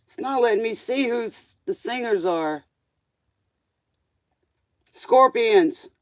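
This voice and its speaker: A woman's voice: a little high, animated, normal speed, darkish tone, no room sound. A woman hosting a live tarot stream, chatting casually with viewers and laughing often.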